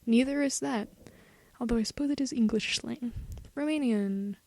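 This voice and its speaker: A woman's voice: fairly high pitch, moderate pace, a little mellow, no echo. A teenage girl hosting a student radio show, stumbling through a script in mock Shakespearean English, laughing and whispering asides. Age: teens.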